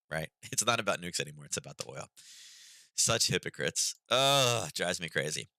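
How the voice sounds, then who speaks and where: A man's voice: low-pitched, expressive, normal speed, pushed and bright, no room sound, rough recording. A man hosting a casual trading stream, talking loosely with lots of ums and sarcastic asides, tired and getting over being sick. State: recovering from illness, yawning. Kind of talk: casual market commentary.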